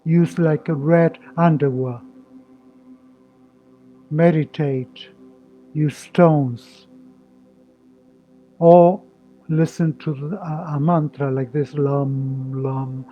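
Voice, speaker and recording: A man leading a live-streamed guided meditation, speaking slowly and soothingly with gentle instructions. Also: on the high side, steady tone. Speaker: meditation teacher. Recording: dull lo-fi audio with music. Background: soft meditation music.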